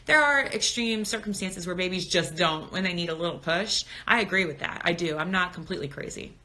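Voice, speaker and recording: Chatty woman in her thirties, bright voice. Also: on the low side, fairly quick. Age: 30s. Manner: candid, talkative, reads comments aloud. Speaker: birth educator on Instagram live. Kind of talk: casual live-stream chat. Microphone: phone.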